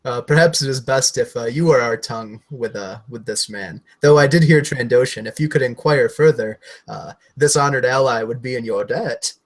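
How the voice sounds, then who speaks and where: A man's voice: medium pitch, normal speed, hardly any pauses, lightly acted. Guy playing a super polite wookiee warrior, formal and stiff, everyday voice. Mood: courteous. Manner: stiff, courteous formal phrasing.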